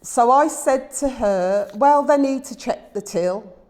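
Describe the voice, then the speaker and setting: A woman with an English accent, telling a story casually on her vlog, animated and indignant as she quotes what was said. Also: fairly high pitch, takes it slowly. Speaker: vlogger.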